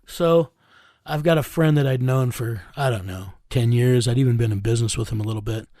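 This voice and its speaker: A man's voice: medium pitch, fairly quick, mellow, no echo. A man recounts events in an interview, rambling and swearing freely. He keeps slipping into reported dialogue. His mid-range voice sits in a dry, dead room. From United States. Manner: rambling, profane, reenacts dialogue with repeated "I said". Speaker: interviewee, vigilante team leader. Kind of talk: casual anecdotal storytelling in an interview.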